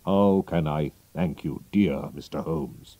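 A man's voice: extremely low pitch, slow, no echo, lo-fi sound, pitched below the performer's own voice, heavily acted. Man voicing a proud, fretful king. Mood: relieved. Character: proud, anxious male king, middle-aged.

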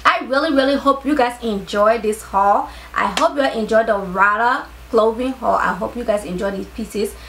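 A tired woman vlogger chatting casually to her viewers during a clothing haul, excitable, with her voice starting to crack. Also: fairly high pitch, moderate pace, few pauses, slight background noise, low-quality recording. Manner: excitable, talks straight to viewers.

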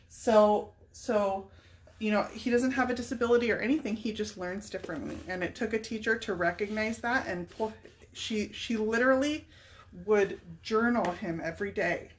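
A woman's voice: medium pitch, normal speed. A woman in her thirties or forties, a furniture-painting vlogger, thinking aloud in casual chat while she works on a piece, with a faint background hiss. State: tearful at times. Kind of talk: casual live painting demo.

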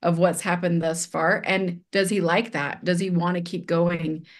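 Middle-aged woman telling a story in a chatty, animated way, lots of "like," slightly low voice. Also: measured pace. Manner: animated, acts out quoted dialogue, many fillers like "like". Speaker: guest. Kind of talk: casual conversational storytelling.

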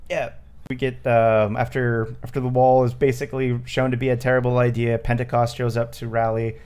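A man's voice: medium pitch, little pitch movement, fairly quick, darkish tone, clean tone. A man hosting a casual movie commentary podcast, rambling with lots of fillers and frequent laughs. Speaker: podcast host.

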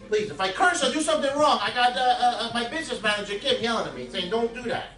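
Across an echoey kitchen, far from the mic, a man with a very high, bright voice hosts a casual home cooking video. He talks fast and expressively, rambling through crude jokes and asides to viewers while faint music plays behind him.

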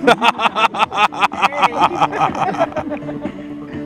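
A man's voice: very high-pitched, big pitch swings, very slow, loud music behind the voice. A man swearing and laughing with friends in the woods. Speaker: friend at a woodland camp gathering. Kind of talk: casual banter. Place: woods outdoors.

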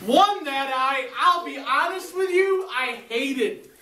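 A woman telling a story to children in church, animated and asking them questions. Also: sits high, takes it slowly, slight background noise. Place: large church hall. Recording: echoey hall, recorded from far off.

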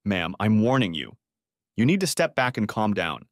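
A man voicing a calm, firm male deputy sheriff in a storybook reading. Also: on the low side, no room sound, clean studio sound. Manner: measured, firm.

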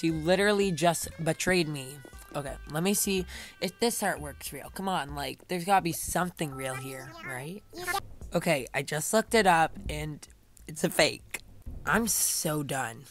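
A young woman host giving casual gameplay commentary, chatty, dramatic and playful with quick asides. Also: deep voice, soft background music. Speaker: gaming channel host.

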